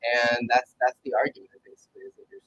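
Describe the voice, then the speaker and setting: A man's voice: medium pitch, huge pitch swings, fast talker, fairly bright tone, highs cut off, slight background noise. A man co-hosting a casual livestream chat, joking, laughing often and trailing off mid-thought. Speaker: podcast co-host.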